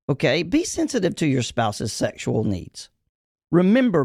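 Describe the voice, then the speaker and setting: A man preaching as a podcast host and pastor, emphatic and folksy, repeating his key lines slowly so they sink in. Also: mid-range voice, no echo, clean studio sound. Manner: folksy, addresses listeners as y'all. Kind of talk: preaching-style podcast talk.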